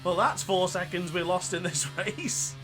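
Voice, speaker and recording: A man with a northern English accent giving chatty, excitable gameplay commentary while racing, laughing often. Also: high-pitched, a little slow, over music.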